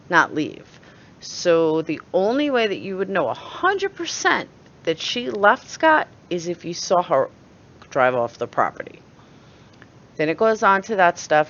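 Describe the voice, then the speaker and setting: A woman channel host with a New York accent gives blunt, sarcastic, opinionated commentary and swears freely. Her voice is on the low side and a bit bright, and the recording sounds dull and lo-fi.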